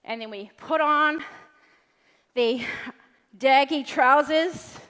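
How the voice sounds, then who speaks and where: A woman's voice: high-pitched, slow pace, fairly bright tone. A woman with a New Zealand accent giving a motivational talk at an event, blunt, profane and playful. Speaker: motivational speaker. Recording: long hall reverb.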